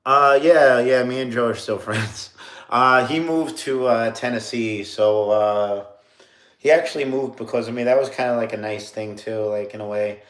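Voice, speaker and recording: A man's voice: medium pitch, moderate pace, fairly bright tone. A man in his late thirties from New York, telling a story on a casual livestream, rambling with lots of fillers and laughing at himself. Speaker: streamer. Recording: roomy echo.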